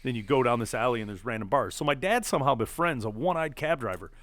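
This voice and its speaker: A man's voice: medium pitch, animated, fast talker, fairly bright tone, no room sound. A young man, hosting a podcast and telling a rowdy story in casual chat, swearing often and switching into voices for the people he quotes. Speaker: podcast host.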